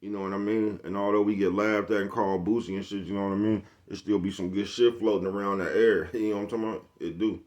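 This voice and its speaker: A man's voice: on the low side, fairly even intonation, fast talker, hardly any pauses, a little mellow. A man with a Bay Area accent talking casually to camera in a slangy, rambling monologue and laughing often. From San Francisco Bay Area. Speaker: vlogger.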